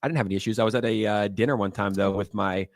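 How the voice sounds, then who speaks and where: A man hosting a casual livestream chat, joking and animated as he tells stories. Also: on the low side, very fast, no room sound, studio quality. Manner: animated, joking, does voices in anecdotes. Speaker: livestream host.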